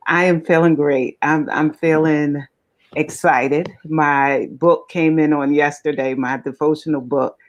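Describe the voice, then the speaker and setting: A woman, an operating room nurse, chatting as a guest, cheerful and excitable as she tells a story. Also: low-pitched, measured pace, highs cut off. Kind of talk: casual interview chat.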